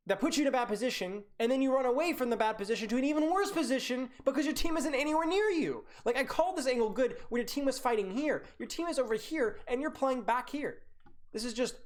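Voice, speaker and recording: Young male game coach, live-stream review, blunt teasing critique, very animated delivery. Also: very high voice.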